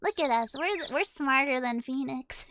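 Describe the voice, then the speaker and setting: A woman's voice: high-pitched, expressive, unhurried, background noise. A woman streamer playing a video game, playful and giggly, reading the game's dialogue aloud. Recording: game music playing behind.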